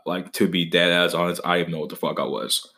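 A young man with a deep, low voice, hosting a casual comedic podcast monologue. He swears freely and jokes around, breaking into mock-dramatic outbursts. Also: fairly even intonation, fast, creaky, pushed and bright. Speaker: podcast host.

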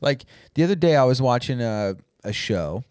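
A man's voice: mid-range voice, lively intonation, normal speed, a little mellow, clear, resonant tone, no room sound, studio quality. A man co-hosting a podcast in casual banter, laid-back and drifting into long explanatory asides. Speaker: podcast co-host.

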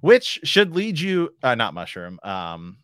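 A man's voice: medium pitch, huge pitch swings, slow, a bit bright, clean tone, no room sound, studio quality. A man hosting a podcast, chatting casually and reading book passages aloud, rambling with lots of filler phrases. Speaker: podcast host.

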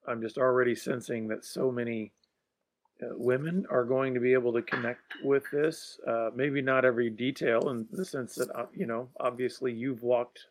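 A man hosting an interview, asking long, thoughtful questions with frequent hesitations and restarts. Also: medium pitch. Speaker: interviewer host.

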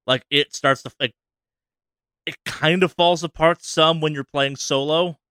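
A man co-hosting a podcast, rambling casually about a video game with many restarts and quick asides. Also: fairly high pitch, smooth, dry recording. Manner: rambling, many restarts, animated voices for quotes. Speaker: podcast co-host.

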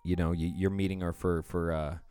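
Low-voiced guy spinning a silly story. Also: level tone, fairly quick, warm tone, faint music behind. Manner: playful storytelling, builds silly scenarios. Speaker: podcast co-host. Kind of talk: casual banter.

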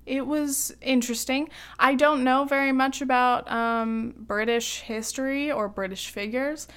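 Young woman, podcast co-host, slightly high pitch, casual, giggly and chatty. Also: steady tone, a little slow, fairly bright tone, smooth. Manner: chatty and giggly, many ums and likes. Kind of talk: casual chat.

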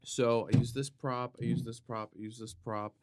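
A man hosting a podcast, talking in a playful, rambling comedic monologue that wanders off on tangents, with sudden loud outbursts. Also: medium pitch, little pitch movement, moderate pace, clean tone, dry recording, clean studio sound. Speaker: podcast host.

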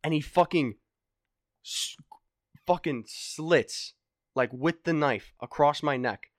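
A young man telling a story in a casual podcast chat, animated and swearing, acting out other people's voices. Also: on the high side, slow, no room sound, studio quality. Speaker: podcast guest.

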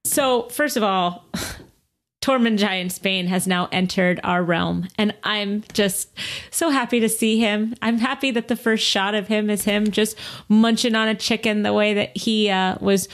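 A woman co-hosting a casual podcast chat, playful and giggly, with quick interjections. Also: medium pitch, fairly even intonation. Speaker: podcast co-host.

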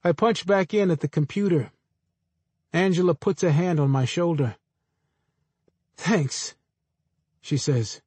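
A man reading first-person literary fiction aloud in a measured, understated way. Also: a little high, a little mellow, slightly rough, no room sound. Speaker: audiobook narrator.

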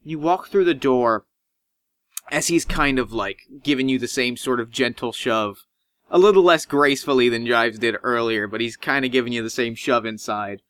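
A man's voice: mid-range voice, normal speed, a bit bright, smooth, no echo. A man narrating as game master in a tabletop role-playing game, casual and rambling with fillers.

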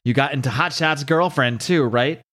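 A man reading the lines of a calm, intelligent male brute in a nearly plain voice. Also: mid-range voice, moderate pace, close to an everyday voice. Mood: cold. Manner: read aloud in plain voice.

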